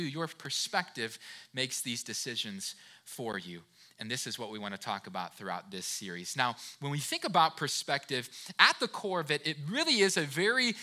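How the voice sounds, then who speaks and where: A man's voice: fairly high pitch, sharp tone. A man giving an earnest motivational talk, telling personal stories and often turning to the listener with "right?" and repeating words as he goes. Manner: earnest, direct address to the listener with frequent "right?"; restarts and repeated words while storytelling. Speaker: speaker of a talk series.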